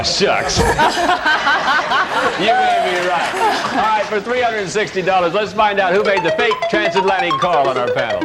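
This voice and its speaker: A man hosting a game show in a brisk, chatty announcer manner. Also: sits high. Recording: noisy old TV studio recording. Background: studio audience.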